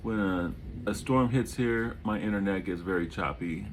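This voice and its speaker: A man reading a chapter of his own novel aloud at home, adding relaxed asides and often repeating or correcting words. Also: on the low side, moderate pace, a little hiss or hum, rough recording. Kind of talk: audiobook reading with casual asides. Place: home during a thunderstorm.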